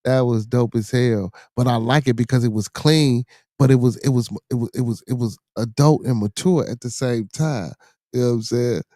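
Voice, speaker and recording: Chicago man host, loose profane rambling talk, warm tone, dry mic. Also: mid-range voice, moderate pace, no room sound. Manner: loose, profane, repeats himself, many restarts. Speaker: podcast host reading viewer comments. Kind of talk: casual livestream chat.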